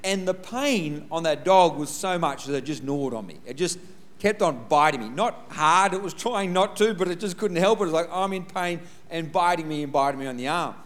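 A man's voice: fairly high pitch, lively intonation, fairly quick, a bit bright. A male pastor preaching a sermon through a personal story, conversational and humorous, often saying "listen".

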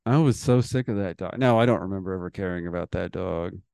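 Smooth, dry-voiced podcast co-host. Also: deep voice, fast talker, darkish tone, no room sound. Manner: rambling, wondering aloud, trails off. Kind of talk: casual comedic chat.

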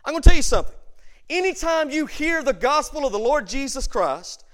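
High-voiced preacher, hushed then booming. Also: male voice, very animated, fairly quick. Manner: preaching with dramatic swings from hushed to loud; repeats words for emphasis. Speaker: pastor. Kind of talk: sermon. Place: church.

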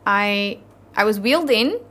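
A woman's voice: medium pitch, animated, bright, forceful tone. Earnest South African woman telling her story. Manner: earnest, halting, heartfelt. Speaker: interview guest. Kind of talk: personal storytelling in an interview.

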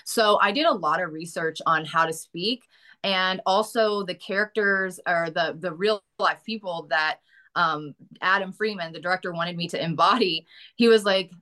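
A woman's voice: fairly low pitch, normal speed, pushed and bright. A woman with a Southern US accent, an actress chatting casually in an interview, laughing often and swearing lightly. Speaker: actress guest.

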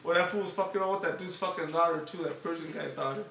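Brief: high, bright Los man, cursing storyteller, heard off-mic in an echoey room. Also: quick pace, creaky, recorded from a distance, a little hiss or hum. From Los Angeles. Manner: profane, animated, laughing storyteller. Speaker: podcast host. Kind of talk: casual storytelling chat.

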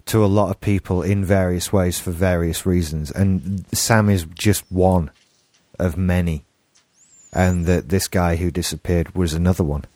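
A man's voice: sits low, steady tone, unhurried, darkish tone, no echo. A man with an English accent co-hosting a podcast, musing in a casual discussion and thinking aloud with restarts. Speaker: podcast co-host.

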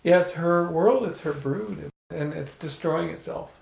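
A man telling a personal story to a small audience, animated, often laughing and restarting his words. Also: fairly high pitch, a little slow, gravelly. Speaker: salon speaker. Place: room with a small live audience. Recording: echoey room.

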